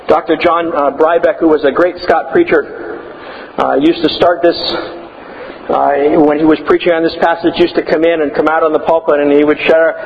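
A man preaching a sermon, emphatic and building to loud declarations. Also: fairly high pitch, flat delivery, unhurried, pauses often, in a large hall, lo-fi sound, slight background noise.

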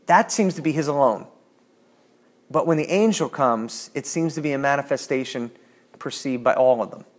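A man's voice: medium pitch, moderate pace. Thoughtful man teaching a Bible study. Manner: thoughtful, reads scripture aloud, frequent restarts.

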